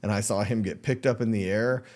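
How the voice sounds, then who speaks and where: A man co-hosting a casual podcast, telling a long story with lively asides and low, quiet voices for the people he quotes. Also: brisk. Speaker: podcast co-host.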